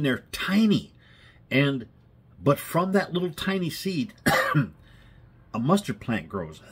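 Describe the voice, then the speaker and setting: A male preacher delivers a casual sermon with a husky, slightly rough voice. His pitch swings widely as he talks, and he keeps it conversational and folksy, checking in with his listeners for amens. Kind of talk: informal sermon.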